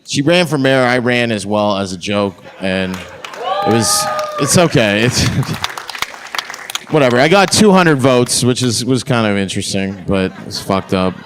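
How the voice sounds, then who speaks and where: A man's voice: mid-range voice, expressive, unhurried, crowd noise, background noise. A man doing a stand-up comedy set on a club stage, with brash, crude delivery.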